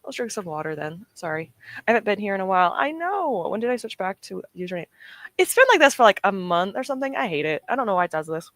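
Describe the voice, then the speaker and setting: A woman's voice: medium pitch, very animated, fast, a bit bright, no room sound. A woman hosting a casual livestream, chatty and self-deprecating as she answers her chat, emotional and close to tears, with a sore throat. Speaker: livestream host.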